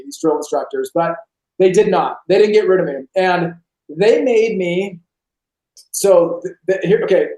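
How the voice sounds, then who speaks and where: A man from California, a podcast guest telling his personal testimony over a video call, lively and acting out scenes. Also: sits high. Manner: animated storyteller, acts out scenes. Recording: roomy echo.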